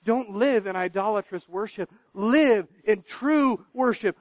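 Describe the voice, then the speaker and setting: A man preaching a sermon, swinging from loud, emphatic declarations to hushed, quiet pleading, sometimes repeating a word as he starts a phrase. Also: high-pitched, measured pace, few pauses, no room sound, lo-fi sound. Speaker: pastor.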